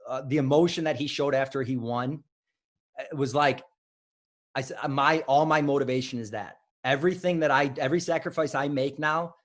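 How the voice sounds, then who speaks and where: A man's voice: medium pitch, a little fast. A man from Illinois, a wrestling coach, telling stories as a podcast guest and often restarting his sentences. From Illinois, United States. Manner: rambling, self-correcting storyteller. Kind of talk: casual interview.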